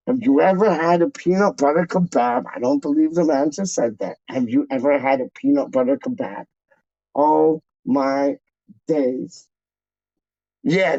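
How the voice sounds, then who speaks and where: Casual guy bantering with chat, gravelly, dry dull lo-fi sound. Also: a little high, darkish tone, no echo. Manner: laid-back slangy banter, repeats phrases. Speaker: livestream host reading chat.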